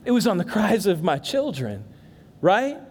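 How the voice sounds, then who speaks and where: A man preaching a sermon as pastor, moving from hushed emphasis to loud bursts and talking directly to the congregation in asides. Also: high-pitched, wildly swooping pitch, unhurried. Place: church sanctuary. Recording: long reverb of a large church hall.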